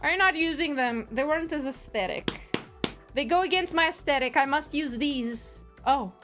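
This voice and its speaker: A woman's voice: high voice, normal speed, a bit bright, soft background music. A woman streamer chatting casually while crafting on a livestream, giggly, rambling and playful.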